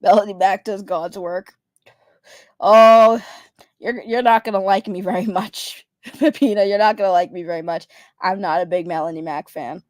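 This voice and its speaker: A woman's voice: medium pitch, steady tone, moderate pace, no room sound, studio quality. A young adult woman streamer giving blunt, profane ranting commentary, repeating her points for emphasis.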